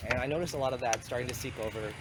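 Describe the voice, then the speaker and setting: A man's voice: medium pitch, racing. A man with a cold, talking casually and rambling a bit as he walks outdoors to vlog. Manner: rambling, conversational, self-correcting. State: has a cold. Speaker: vlogger and community founder. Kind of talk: casual walking vlog talk. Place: outdoors walking through town to a river. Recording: clear outdoor street noise.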